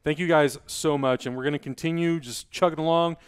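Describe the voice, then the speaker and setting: Fast-talking energetic male podcast host. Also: on the high side, clear, resonant tone, no echo, clean studio sound. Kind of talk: casual chat.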